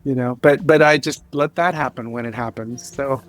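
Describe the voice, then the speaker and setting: A man speaking as a podcast guest, earnest and emotional, halting with many restarts and fillers. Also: medium pitch, faint music behind. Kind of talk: candid interview talk.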